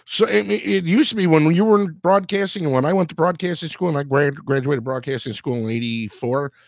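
Animated man with a dry close sound. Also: on the high side, brisk, gravelly, no room sound. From Chicago. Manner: animated, jokey storyteller. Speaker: host. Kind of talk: casual chat.

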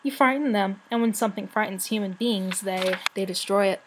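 A woman's voice: medium pitch, slightly rough, close to an everyday voice, rough recording. A woman voicing a weary, wise, very old male dragon in a storybook reading. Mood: grave. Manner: slow, solemn, grave.

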